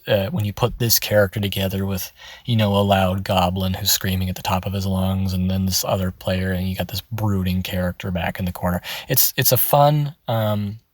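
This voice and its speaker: A man giving a relaxed, chatty voice-acting tutorial, laughing often. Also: sits low, husky, no room sound. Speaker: voice acting teacher. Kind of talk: casual tutorial. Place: in his car.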